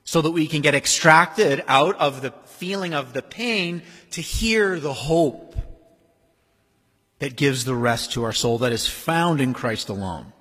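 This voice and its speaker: A man preaching a sermon as pastor, in a conversational, animated way. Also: on the high side, a little slow, breathy edge. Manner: conversational, animated, acts out quoted voices. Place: church sanctuary. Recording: long hall reverb.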